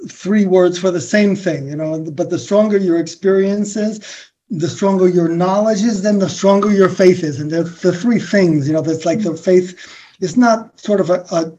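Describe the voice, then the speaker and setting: Guy musing about spirituality, soft mellow voice, lots of restarts, kinda dull lo-fi sound. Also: sits high, moderate pace, slight background noise. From USA. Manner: rambling, soft-spoken, many restarts and fillers. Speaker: guest. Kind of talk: reflective spiritual conversation. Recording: dull lo-fi recording.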